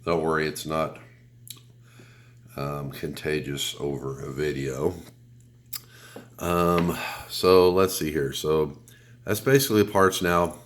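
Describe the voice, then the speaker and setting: Deep-voiced man with a cold. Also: slow pace, long pauses, slight background noise. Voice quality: deep radio announcer sound. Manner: relaxed, rambling, blunt, mild cursing. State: has a cold. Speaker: product reviewer. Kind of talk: casual product review.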